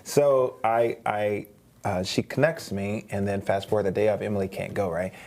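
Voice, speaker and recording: A man's voice: on the low side, fairly even intonation, normal speed, creaky, a little mellow. A man, a guest singer, telling a long story in a studio interview, rambling, with many restarts and repeated words. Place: streaming studio.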